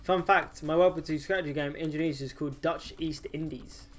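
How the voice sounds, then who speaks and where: A man's voice: on the high side, steady tone, a little fast. A young man chatting casually on a game livestream, self-mocking and joking, often breaking into laughs. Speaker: streamer.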